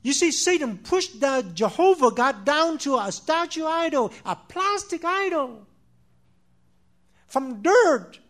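A man preaching a sermon, swinging between loud declarations and hushed asides, repeating phrases and calling listeners "my friend.". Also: very high voice, sing-song, slow.

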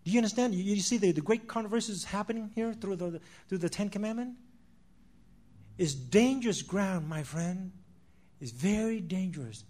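A man preaching a sermon, swinging between loud declarations and hushed asides, repeating phrases and calling listeners "my friend.". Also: high voice, animated, normal speed.

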